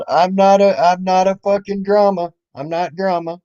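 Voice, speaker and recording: Here a man's high, dark, smooth voice keeps a level tone at a moderate pace. He's a YouTube commentator in an angry, profane rant, confrontational and mocking toward others, captured dry on a dull lo-fi recording.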